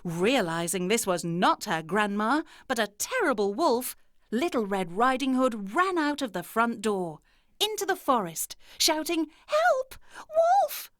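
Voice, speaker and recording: A woman narrating children's fairy tales in an expressive storytelling manner. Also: medium pitch, no room sound, studio quality.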